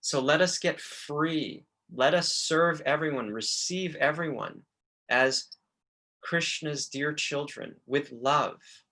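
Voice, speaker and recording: Guy giving a temple class, bright forceful voice, heartfelt and earnest. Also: on the high side, takes it slowly. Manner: earnest, emotional, quotes scripture and teachers with feeling. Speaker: temple lecturer. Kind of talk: devotional class lecture.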